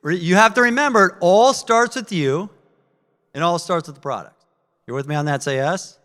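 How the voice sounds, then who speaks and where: Energetic high-voiced man training a crowd. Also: normal speed, in a large hall. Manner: energetic, asks the audience questions. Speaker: network marketing trainer. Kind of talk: live sales training talk. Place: training event room with audience.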